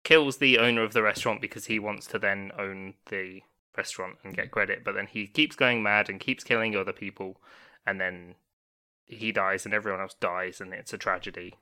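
A man's voice: fairly low pitch, fairly even intonation, fairly quick, pushed and bright, clear, resonant tone. A man co-hosting a podcast in casual chat, joking and swearing in wry asides. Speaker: podcast co-host.

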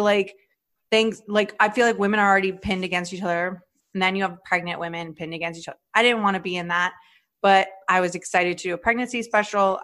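A woman in her thirties, a stand-up comedian co-hosting a podcast, chatting casually with animated storytelling, swearing freely and acting out quoted voices. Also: medium pitch. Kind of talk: casual chat.

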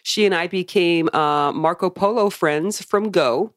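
A woman's voice: on the low side, unhurried, no echo. A woman co-hosting a podcast in casual banter, making dry sarcastic jokes. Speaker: podcast co-host.

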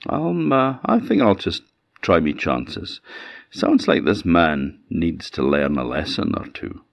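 A man's voice: deep voice, sing-song, slow, vocal fry, no echo, exaggerated voice. A man with an Orkney Scots accent voicing a cunning old beggar who coaxes and wheedles. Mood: coaxing. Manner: wheedling, persuasive, chuckling. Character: cunning old male beggar, coaxing and sly.

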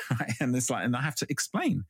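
A man's voice: medium pitch, big pitch swings, quick pace, a little hiss or hum. A man hosting an interview podcast, chatty, with frequent stammered restarts. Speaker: podcast host. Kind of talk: casual interview chat.

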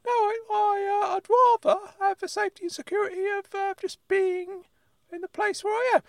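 A man doing a shrill, cranky uncle. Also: fairly even intonation, moderate pace, gravelly, dry recording. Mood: indignant, scolding. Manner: indignant, scolding, calls the other mad. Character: cantankerous excitable male uncle, easily irked. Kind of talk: comedy podcast character bit.

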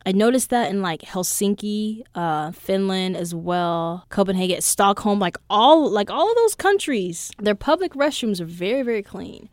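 A young woman hosts her own podcast and tells stories in a loose, animated monologue. She swears freely and keeps an average pitch. Her voice sounds close and dry, with no room echo. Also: moderate pace, few pauses. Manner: profane, animated storyteller. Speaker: podcast host. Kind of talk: casual storytelling monologue.

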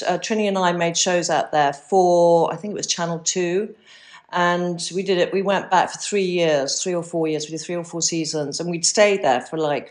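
A middle-aged woman from the UK hosting a podcast, bubbly and exclamatory, with some swearing. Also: on the low side. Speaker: podcast host. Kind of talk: casual interview chat.

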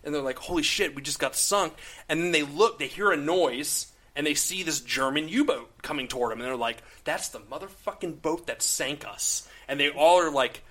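A man casually recapping a film on a podcast, excited, swearing and acting out characters' lines. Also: a little high, normal speed. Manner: enthusiastic, swearing, acts out quotes. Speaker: podcast co-host. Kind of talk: casual movie discussion.

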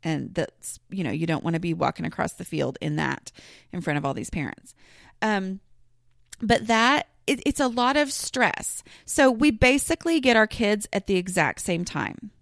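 A woman hosts her own podcast, speaking at medium pitch and normal speed with animation and vocal fry, in clean studio sound with no room sound. Her casual solo talk rambles, full of fillers and restarts.

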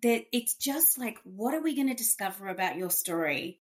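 A woman's voice: mid-range voice, animated, moderate pace. A woman hosting a podcast in a chatty, upbeat way, full of fillers and asides. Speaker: podcast host. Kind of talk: casual chat.

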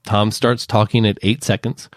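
A man working as an associate producer, calmly walking through his podcast editing process step by step in a casual chat. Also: on the low side, moderate pace, no room sound, studio quality. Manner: detailed, methodical step-by-step explaining.

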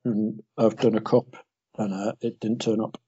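Male co-host, dark husky voice, rambling jokey banter. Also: on the low side, level tone, normal speed, muffled recording. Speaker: podcast co-host. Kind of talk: casual podcast banter.

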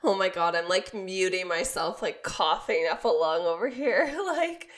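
A young woman co-hosting a podcast, hoarse and raspy from being sick, telling a rambling story with laughs. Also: lowish voice, lively intonation, moderate pace. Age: young adult. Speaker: podcast co-host. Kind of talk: casual chat.

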